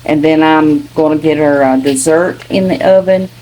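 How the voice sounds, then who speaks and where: A woman's voice: deep voice, normal speed, mellow, rough recording. An older woman with a Kentucky accent hosting a casual home cooking vlog, chatting and explaining each step as she goes. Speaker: cooking channel host.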